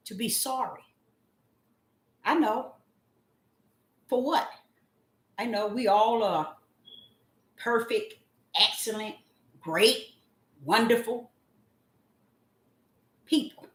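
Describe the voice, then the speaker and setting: A woman in the role of a self-styled prophetess delivers a devotional message at an unhurried pace. Her voice is mid-pitched and she often breaks into loud, drawn-out cries of apology. The room is echoey and sounds like a home recorded on a phone. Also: lively intonation.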